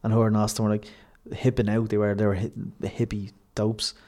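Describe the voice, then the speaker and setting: Jokey Irish podcast host. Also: male voice, lowish voice, monotone, fairly quick, a little mellow. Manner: rambling, jokey, laughs often. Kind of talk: casual chat.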